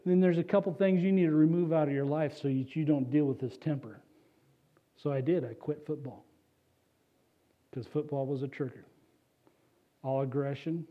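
A man preaching a sermon as a pastor, animated and conversational, with casual asides to the congregation. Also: fairly high pitch, normal speed, long pauses. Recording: dull lo-fi recording.

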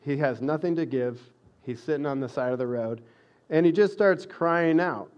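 A man delivers a sermon in a relaxed, conversational way, pushing into louder emphasis as he reads scripture aloud. His voice sits a little high for a man. The recording sounds dull and lo-fi. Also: normal speed. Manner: conversational preaching, rising to emphatic reading. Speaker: pastor.

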